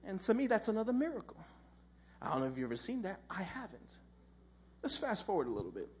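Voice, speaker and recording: A man's voice: high voice, wildly swooping pitch, fast, slight background noise. A man giving a casual, humorous sermon as a preacher, telling a story with slang and acted-out voices.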